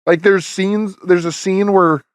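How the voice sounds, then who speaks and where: A man's voice: sits high, fairly even intonation, a little slow, smooth, no room sound, studio quality. Chatty man reviewing a film. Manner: rambling, many restarts and fillers. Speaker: podcast host. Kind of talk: casual review chat.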